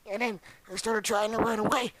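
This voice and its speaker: A young man voicing a boastful, rambling ancient old man who tells a crude, excitable tall tale in an amateur comedy bit. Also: high voice, brisk, dry recording, low-quality recording.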